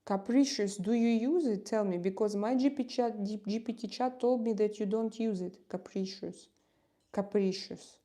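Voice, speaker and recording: A woman with a Russian accent chatting casually on a live stream, reading viewer comments with halting pauses and many fillers. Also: fairly high pitch, warm tone. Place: home in Spain.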